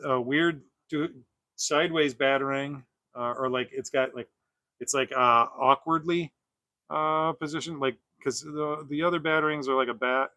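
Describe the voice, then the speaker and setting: A man's voice: medium pitch, sharp tone, no room sound. A man hosting a casual toy-collecting livestream who rambles with lots of fillers and restarts. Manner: rambling, many fillers and restarts, laughs often. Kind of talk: casual livestream chat while unboxing.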